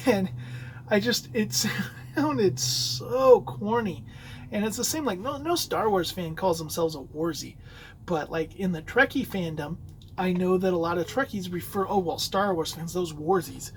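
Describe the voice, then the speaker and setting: A man's voice: sits high, moderate pace, a little hiss or hum, low-quality recording. Rambling male podcaster telling a story. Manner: rambling storytelling with many fillers and restarts. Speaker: podcast host. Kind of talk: casual solo podcast talk.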